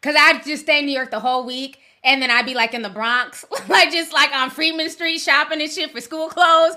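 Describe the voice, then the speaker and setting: A middle-aged woman chats casually on her livestream, slangy and quick to laugh. Her voice sits high and rings bright. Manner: chatty, laughs often, slangy. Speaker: livestream host. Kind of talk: casual livestream chat with viewers. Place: home in Minnesota.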